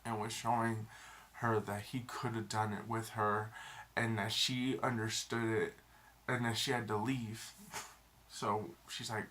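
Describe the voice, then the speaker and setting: A man's voice: on the low side, steady tone, measured pace, bright, forceful tone, a little hiss or hum. A young man vlogging a casual, rambling movie review, full of fillers and restarts.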